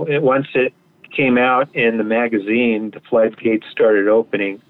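A male guest telling stories in a rambling, casual way. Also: on the low side. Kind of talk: anecdotal storytelling. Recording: tinny phone line.

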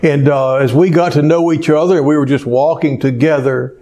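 A man preaching a sermon as pastor, telling a story in a slow, unhurried way. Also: on the high side, steady tone, dark tone.

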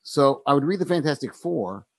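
A man in a relaxed conversation about writing, talking thoughtfully with frequent pauses, ums and easy laughter. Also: a little high, no echo.

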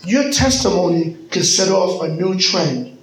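High-voiced man preaching in an echoey church. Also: lively intonation, vocal fry, crowd noise. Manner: preaching with dramatic pauses and rising emphasis. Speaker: pastor. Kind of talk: sermon. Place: church sanctuary. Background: soft keyboard music.

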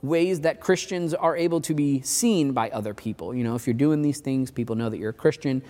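A man preaching a sermon as pastor, in a relaxed, chatty way full of casual asides. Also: mid-range voice, fairly quick, in a large hall. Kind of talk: conversational sermon.

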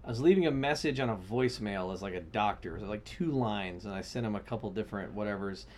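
A man co-hosting a podcast in casual, profane chat, bursting into loud mock bits. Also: on the low side, quick pace, slight background noise. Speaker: podcast co-host.

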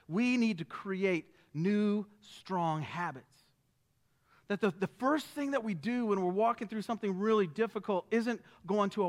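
A man preaching a sermon as pastor, animated and conversational, often checking in with "right?". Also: sits high. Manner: animated, rhetorical, keeps asking "right?".

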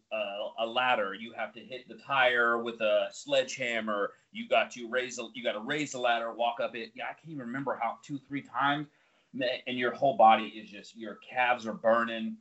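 A man co-hosting a casual chat, telling animated stories and laughing often. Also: mid-range voice, normal speed. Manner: animated storyteller, acts out quoted voices, laughs often. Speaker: podcast co-host. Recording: dull lo-fi audio.

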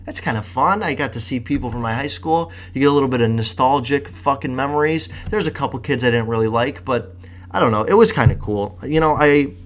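A nineteen-year-old man rambling casually to viewers, answering questions with lots of swearing and animated rants. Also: mid-range voice, fairly quick. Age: young adult. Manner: profane, animated, self-deprecating rants.

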